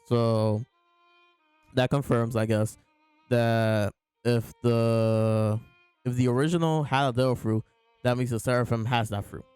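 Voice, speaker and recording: Hosting a casual review of comic chapters, a man retells scenes and quotes the characters in his own voice as faint music plays. His mid-range voice is fairly even and unhurried, a little mellow and smooth, in a dry recording.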